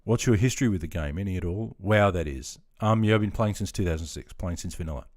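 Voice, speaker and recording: Low and a little mellow, this man talks quickly. He's an Australian in his fifties, an army veteran streaming live, casually going through viewer comments and laughing freely.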